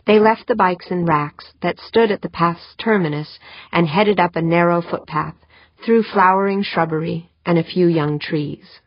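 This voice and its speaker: Brief: steady woman audiobook narrator, lower voice, close dry muffled sound. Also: moderate pace, no room sound. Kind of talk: scripted narration.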